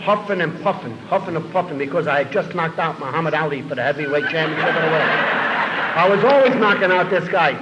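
A man telling his recovery story to an audience as a lively, self-mocking comic storyteller, in a dull lo-fi recording. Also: a little high, fast, very noisy. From New York City.

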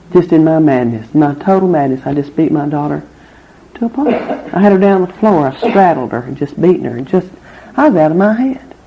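Candid woman telling her story. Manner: candid, wry, with laughs through hard memories. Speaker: recovery meeting speaker. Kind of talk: personal testimony talk. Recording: muffled low-fidelity recording.

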